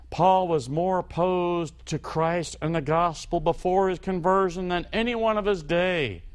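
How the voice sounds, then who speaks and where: A man preaching a sermon as pastor, slow and emphatic, his voice rising on key points and falling low at the ends of phrases.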